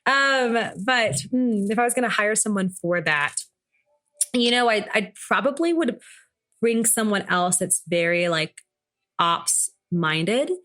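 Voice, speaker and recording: A woman's voice: medium pitch, animated, unhurried, fairly bright tone. A woman in her thirties, a business founder talking as a podcast guest in a chatty, playful way with plenty of fillers. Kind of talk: casual interview chat.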